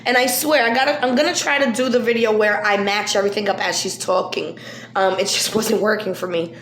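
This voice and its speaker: A woman's voice: medium pitch, fairly even intonation, brisk. Upset woman venting in an echoey room. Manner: emotional, swings from soft sighs to loud outbursts. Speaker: vlogger. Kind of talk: emotional casual talk to viewers.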